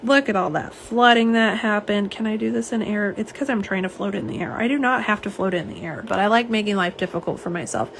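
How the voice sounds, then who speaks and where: Woman, young, mid-pitch, chatty live-stream host; faint noise underneath. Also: a little fast, vocal fry, few pauses. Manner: chatty and warm, lots of fillers and asides. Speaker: nail polish swatcher. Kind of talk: live-stream chat, reading viewer comments. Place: home office.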